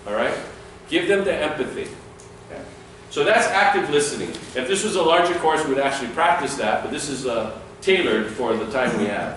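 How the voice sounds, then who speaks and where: Male security trainer lecturing a class, animated delivery, recorded far off in a boomy room. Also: moderate pace, slight background noise. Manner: lively, demonstrates dialogue with acted lines. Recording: echoey room, speaker far from mic.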